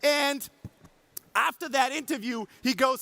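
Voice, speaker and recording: A man with a German accent giving an energetic conference talk, acting out quotes and swearing for emphasis. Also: extremely high pitch, normal speed. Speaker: conference speaker. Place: conference stage before an audience.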